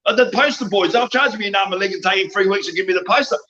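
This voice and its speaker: An Australian man ranting over a video call, loud, boastful and laughing, full of slang. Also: high voice, very fast, muffled recording. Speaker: guest, wrestling promoter. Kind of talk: rambling unhinged rant.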